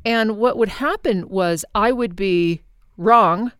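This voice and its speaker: A woman's voice: mid-range voice, takes it slowly, a bit bright, clear, resonant tone, no room sound, clean studio sound. A woman host speaking directly to listeners, giving advice in a conversational way. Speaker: podcast host.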